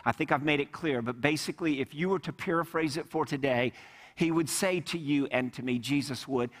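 A male pastor with a fairly high voice delivers an emphatic sermon, leaning on repeated words and direct questions to the congregation. His voice rings out with a long reverb in a church sanctuary. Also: a little fast. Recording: long reverb of a large hall.

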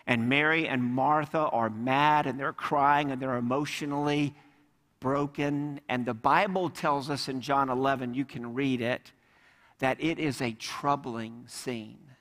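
A man's voice: mid-range voice, steady tone, unhurried, a bit bright. A man preaching a sermon as a pastor, emphatic and repeating key words for weight, often putting questions straight to his congregation. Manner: addresses the congregation directly with questions. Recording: long reverb of a large hall.

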